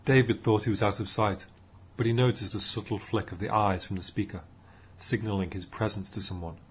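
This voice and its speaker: Brief: man reading fiction aloud, low, husky, measured. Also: fairly even intonation. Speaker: audiobook narrator. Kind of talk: audiobook narration.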